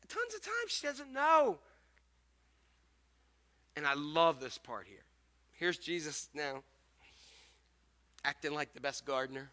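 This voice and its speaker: A man's voice: a little high, measured pace, pauses often. A man preaching a sermon as pastor, joking and acting out scenes. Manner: animated, joking, acts out scenes.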